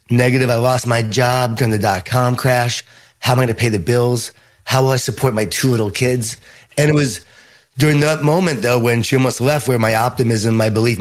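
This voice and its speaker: Man, Long Island New York accent, middle-aged, earnest storyteller, interview guest, mid-pitched voice. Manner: earnest, animated storytelling with repeated phrases. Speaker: guest author and speaker.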